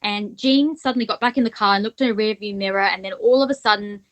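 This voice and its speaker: A woman co-hosting a true-crime podcast in relaxed, casual conversation. She retells events at length and thinks aloud as she talks. Her voice sits at an ordinary middle pitch for a woman. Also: fast. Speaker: podcast co-host.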